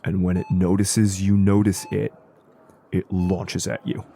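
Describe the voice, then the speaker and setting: A man acting as storyteller, narrating a tabletop horror game in slow, deliberate scene-setting. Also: low voice, little pitch movement, vocal fry, warm tone, slightly rough.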